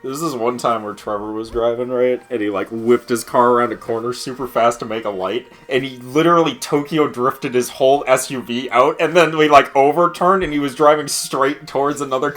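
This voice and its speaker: A man's voice: fairly high pitch, sharp tone. A young man chatting casually during a gameplay session, telling stories with frequent laughter and swearing. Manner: laughing, profane storyteller. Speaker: co-host of a gaming stream. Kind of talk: casual chat.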